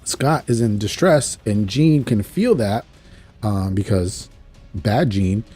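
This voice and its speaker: A man with a low, mellow and slightly husky voice recaps an episode in a loose, chatty way. He wanders between summary and brief acted-out lines, like casual fan talk. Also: lively intonation, slow pace, soft background music. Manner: chatty, retells scenes, acts out quotes. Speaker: show reviewer.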